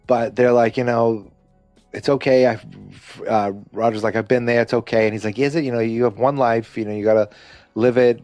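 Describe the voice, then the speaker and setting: A podcast host with a medium-pitched, slightly mellow voice recaps a TV episode, recorded without echo. He rambles casually, with many fillers and restarts, and acts out characters' lines in quick asides.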